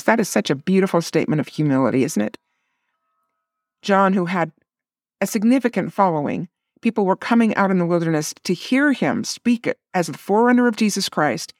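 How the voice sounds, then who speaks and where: A woman's voice: medium pitch, expressive, brisk, darkish tone, no room sound, clean studio sound. A woman giving a casual scripture lesson, reading verses aloud and commenting in a conversational way. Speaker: scripture teacher.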